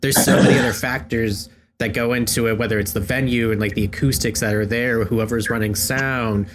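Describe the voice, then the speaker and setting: A man's voice: mid-range voice, steady tone, a little fast, background noise. A man hosting a podcast, talking in a loose, thoughtful way with many fillers. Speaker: podcast host. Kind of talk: casual podcast chat.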